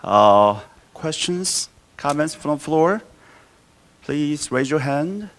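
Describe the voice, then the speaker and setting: Man, session moderator, brisk procedural tone, slightly high voice, faint noise behind. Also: animated. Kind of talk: chairing a conference session. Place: conference hall.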